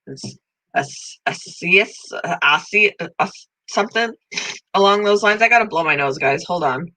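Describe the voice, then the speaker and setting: A woman's voice: on the low side, expressive, normal speed, poor audio. A middle-aged woman hosting a casual live-stream chat, congested and tired, talking easily with viewers by name. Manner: chatty, talks to viewers by name, coos softly over pets. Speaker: channel host.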